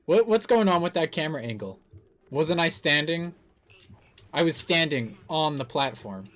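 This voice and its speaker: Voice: medium pitch, expressive, moderate pace, a bit bright. A streamer giving live gameplay commentary, playful and laughing, joking about attempts at silly accents.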